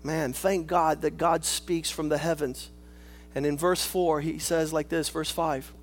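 A man preaching a sermon, swinging between shouted lines and hushed asides, calling on the congregation for amen. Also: on the high side, steady tone, measured pace, faint music behind. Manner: rhetorical, calls for amen.

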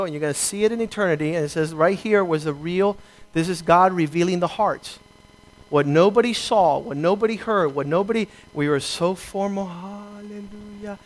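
A man pastor preaching a sermon, reading scripture and acting out short exchanges with emphatic slowdowns. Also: sits high, low-quality recording.

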